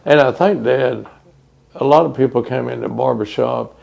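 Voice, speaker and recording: Gravelly older man reminiscing. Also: mid-range voice, darkish tone, lo-fi sound. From Texas. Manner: reminiscing, unhurried with many fillers. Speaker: interviewee. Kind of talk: oral history interview.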